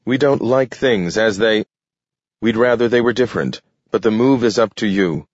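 A man's voice: on the low side, moderate pace, dry recording, natural voice. A man reading an audiobook, voicing a tense human leader who speaks in a clipped, grim and increasingly heated way. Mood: sharp. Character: sharp, tense older human leader Webster. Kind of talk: audiobook character voice. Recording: dull, dry studio read.

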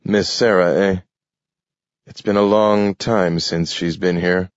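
A man in his fifties reading the lines of a measured, reflective scholar nearing sixty in a story, in a dull lo-fi recording. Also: low-pitched, steady tone, no echo. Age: 50s. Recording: dull lo-fi audio.

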